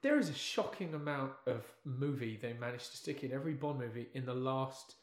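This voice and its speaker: A man chatting casually as a podcast guest, animated and wry, building his points with emphasis. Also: mid-range voice, fairly quick. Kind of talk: casual chat. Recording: echoey room.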